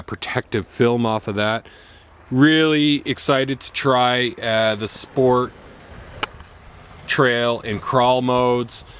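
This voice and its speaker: A man's voice: lowish voice, fairly bright tone, slight background noise. A Canadian man talking about his vehicle in a casual vlog. He sounds enthusiastic and fills his talk with uh and um. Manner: enthusiastic, with frequent fillers. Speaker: vlogger. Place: beside an off-road vehicle.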